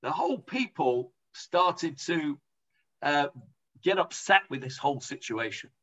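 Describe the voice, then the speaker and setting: High-voiced English man teaching Talmud. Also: sing-song, a little slow, bright, forceful tone. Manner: chatty explaining, lots of hesitations. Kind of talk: informal Talmud class.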